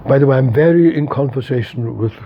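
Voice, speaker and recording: The audio is dull with a bit of hiss or hum as a man in his eighties talks fast in a mid-range voice. Interviewed as a philosopher, he reflects emphatically, repeats himself, and shows his emotion openly.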